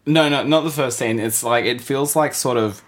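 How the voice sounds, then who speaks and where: A man co-hosting a podcast in casual chat, animated and acting out quoted lines. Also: medium pitch, normal speed. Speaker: podcast co-host.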